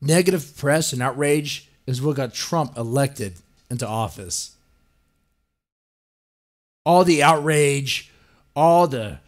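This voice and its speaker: A man hosting a podcast, ranting and swearing and mocking the people he quotes in put-on voices. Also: a little high. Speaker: podcast host. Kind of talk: ranting commentary.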